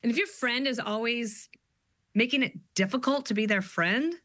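A woman in her fifties talks as a guest author, telling her stories quickly and with animation. Her voice is bright and lively in tone. The recording is close and dry, with no room around it. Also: fairly high pitch, no echo. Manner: quick, animated storytelling with quoted asides. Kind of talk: interview conversation.

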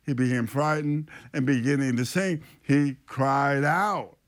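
A man, a priest hosting a radio show, teaching on scripture in an animated storytelling way and thinking aloud as he goes. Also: mid-range voice, unhurried.

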